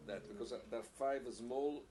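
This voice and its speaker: A man leads a piccolo masterclass and explains things haltingly, repeating words and using non-native phrasing as he feels his way through. His voice sits at an ordinary middle pitch for a man. He is picked up from a distance, with a faint hiss underneath. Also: dark tone. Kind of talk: masterclass teaching, answering questions.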